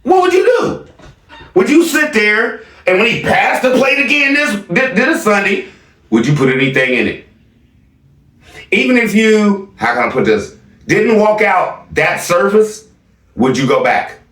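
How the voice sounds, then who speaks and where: A man's voice: high voice, sing-song, unhurried, fairly bright tone. A male vlog host giving sarcastic, laughing reaction commentary. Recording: echoey room, distant mic.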